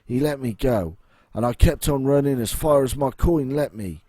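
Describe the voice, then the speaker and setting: A man's voice: medium pitch, moderate pace, mellow, breathy edge, no echo, natural voice. A man voicing a frightened male former guard who has fled, reading the lines in a jittery, pleading way.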